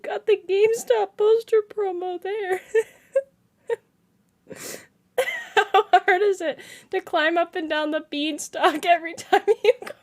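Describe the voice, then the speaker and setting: Very high-voiced giggly woman streamer. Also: steady tone, slow, long pauses. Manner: giggly, laughs constantly through her words. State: laughing to tears. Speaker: game streamer. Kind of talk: casual live-stream chat, reading viewer comments aloud. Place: home streaming setup.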